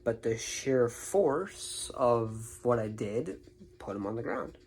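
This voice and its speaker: A man's voice: medium pitch, expressive, takes it slowly, vocal fry, a little mellow, rough recording. A young man vlogging, telling a rambling personal story to the camera, often repeating himself. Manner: rambling, repeats words and restarts. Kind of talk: casual storytelling monologue.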